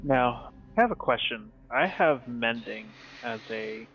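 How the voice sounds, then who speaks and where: A man's voice: mid-range voice, expressive, a little slow, a bit bright, dull audio, soft background music. A man playing in a tabletop game, talking casually, mildly swearing and thinking aloud. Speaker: player.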